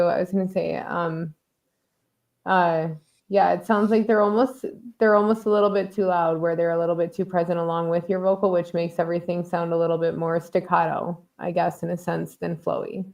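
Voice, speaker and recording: A woman's voice: on the low side, flat delivery, moderate pace, gravelly, darkish tone. A woman giving hesitant, laughing feedback on a mix in casual review chat. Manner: hesitant, laughs often, many fillers. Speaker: music critique panelist.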